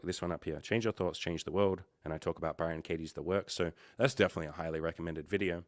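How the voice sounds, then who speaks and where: A young adult man hosting a livestream, coaching viewers in a relaxed, reassuring way and swearing now and then. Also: sits low, dry recording, clean studio sound. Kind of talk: casual livestream coaching chat.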